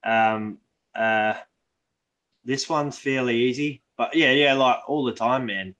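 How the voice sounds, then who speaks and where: A man's voice: mid-range voice, takes it slowly, fairly bright tone, muffled recording. A man chatting as a guest, hesitant, with a loose, easygoing delivery. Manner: loose, hesitant, lots of ums. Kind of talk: casual chat. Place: online video call.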